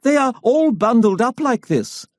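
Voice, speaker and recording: A man voicing an excitable elderly woman who cries out in protest. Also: extremely high pitch, a little slow, no echo, clean studio sound, voice pushed up, full character voice. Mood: pleading.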